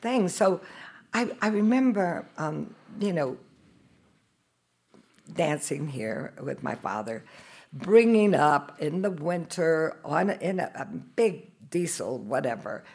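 A low, gravelly older woman tells her stories with lively energy, often acting out the voices of the people in them. Her voice is husky and rough. She speaks as a choreographer guest in a live interview. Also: slow. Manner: animated storyteller acting out dialogue, laughing often. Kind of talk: live podcast interview storytelling. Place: live at a dance festival.

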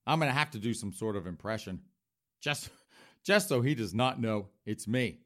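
A man's voice: fairly low pitch, animated, fairly quick. A man hosting a podcast, delivering a sarcastic, campy comedic monologue. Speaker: podcast host.

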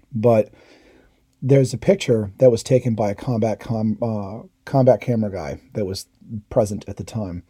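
A middle-aged man with a very dark, mellow voice tells old service stories in a loose, candid way. He swears freely and acts out his comrades' shouted lines. The sound is dry and close. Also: fairly low pitch, measured pace, long pauses, breathy edge, no echo. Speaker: podcast host, veteran. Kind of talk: casual storytelling.

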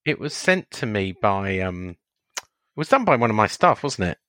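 A man co-hosting a casual podcast, answering questions in a measured, guarded way. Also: lowish voice, big pitch swings, fairly bright tone, dry recording, studio quality. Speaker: podcast co-host.

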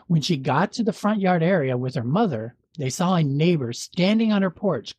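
Husky man reading a spooky legend. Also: a little high, darkish tone, no echo. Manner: measured storytelling, dry jokes. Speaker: podcast host. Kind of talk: reading a legend aloud with banter.

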